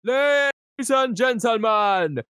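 A man's voice: very high-pitched, lively intonation, pushed and bright, clear, resonant tone, no room sound, clean studio sound, voice pushed up, full character voice. A man putting on a spooky male announcer voice with a mock Jamaican accent, drawing out every word. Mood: booming. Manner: drawn-out showman announcing.

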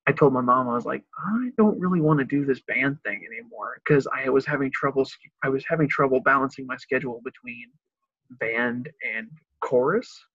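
Young husky-voiced man from Illinois, relaxed storytelling chat, dull dry recording. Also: fairly quick, no echo. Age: young adult. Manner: animated, laughs often, breaks into high excited voices. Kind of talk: casual chat. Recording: dry, slightly dull lo-fi sound.

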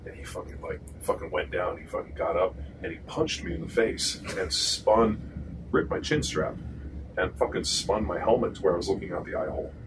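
Profane low-voiced man telling loose stories. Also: a little fast. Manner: profane, rambling, full of fillers. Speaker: former pro football player telling stories. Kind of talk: casual storytelling. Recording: distant mic with clear background noise.

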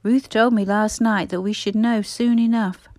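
A woman's voice: mid-range voice, steady tone, normal speed, darkish tone, no echo, natural voice. A woman voicing Peter, a cheeky, quarrelsome young boy who teases and sulks, in a storybook reading. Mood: bickering. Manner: sulky, teasing.

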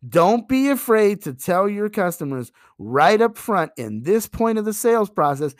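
A man giving a sales training talk, emphatic and animated, acting out pitches to customers. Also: moderate pace, few pauses, no room sound, studio quality.

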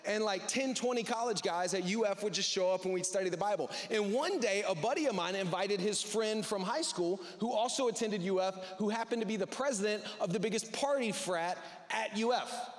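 Male pastor, high voice, casual sermon style with acted-out quotes, long hall echo. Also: fairly quick, few pauses. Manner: conversational, acts out quoted voices. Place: church service.

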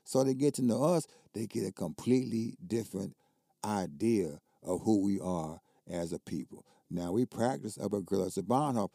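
This older man, a basketball coach, has a fairly low, gravelly yet mellow voice with lively intonation and a moderate pace. As a guest he tells stories casually and forcefully, repeating words when fired up, captured in clean studio sound without echo.

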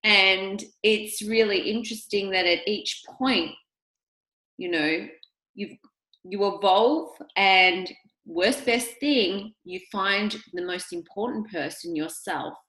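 A woman's voice: medium pitch, slow, pushed and bright, roomy sound, low-quality recording. A woman co-hosting a podcast, talking in an affectionate, reflective way.

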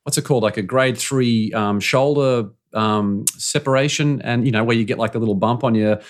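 A male host talks casually and haltingly, often breaking off and restarting his sentences. His voice sits at an ordinary middle pitch. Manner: hesitant, trails off and restarts phrases. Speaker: podcast host. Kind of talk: casual conversation.

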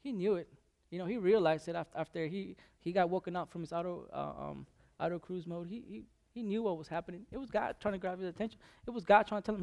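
A man preaches in a loose, conversational way, stumbling over his words and starting sentences over and over. His voice sits a bit high for a man and carries a gravelly rasp. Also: darkish tone. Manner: halting, many restarts and fillers, conversational. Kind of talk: informal sermon.

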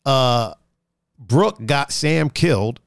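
Man, podcast host, casual chat, joking, rambling, lively pitch, dry sound. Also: very slow, creaky, dry recording. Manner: animated, joking, rambling with restarts.

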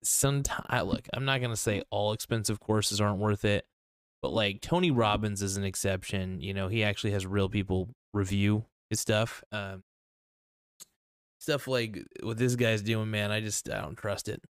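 A man with a fairly low, clean-toned voice and fairly even intonation speaks at a moderate pace while hosting a podcast. His casual rant is blunt, skeptical and profane with many fillers, recorded dry in a clean studio.

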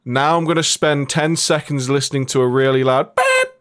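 A man's voice: fairly high pitch, moderate pace, no room sound, studio quality. A man in casual gaming chat, swearing freely and telling stories with energy. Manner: swears often, animated storytelling.

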